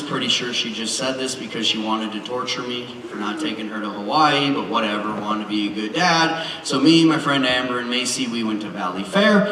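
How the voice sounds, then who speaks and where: A man giving a motivational speech on stage, telling a funny family story in an animated, joking way with an audience present. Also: medium pitch, noisy background. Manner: animated, joking, acts out voices. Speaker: motivational speaker. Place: large hall with live audience. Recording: roomy hall from far off, with audience.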